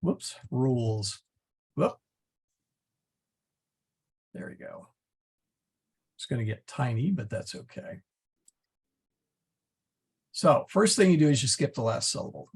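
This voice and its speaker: A man teaching a class, explaining step by step in a patient, methodical way with frequent pauses and fillers. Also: medium pitch, animated, breathy edge. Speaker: Latin teacher.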